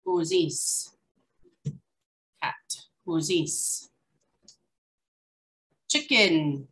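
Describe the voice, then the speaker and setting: Slow, bright-voiced woman teaching vocabulary. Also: fairly low pitch, low-quality recording. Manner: slow, repeats each word carefully, casual asides. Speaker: language teacher. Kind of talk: online language lesson.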